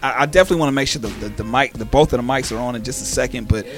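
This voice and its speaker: A man hosting a casual interview in a loose, animated way, swearing freely. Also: medium pitch, racing, soft background music. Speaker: talk show host. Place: studio with sirens outside.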